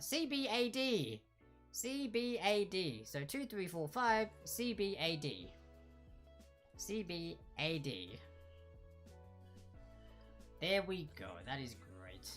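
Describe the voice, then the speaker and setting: A young man with a high, somewhat bright voice hosts a livestreamed trivia quiz night. His manner is casual and jokey, he pokes fun at himself, and he laughs a lot.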